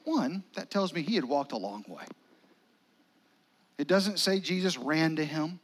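A male pastor, preaching a sermon in a conversational style with dramatic pauses and near-whispers. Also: fairly high pitch, animated, breathy edge.

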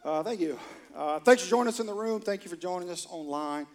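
Animated joking pastor. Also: male voice, high-pitched, quick pace. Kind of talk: sermon with storytelling. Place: church auditorium.

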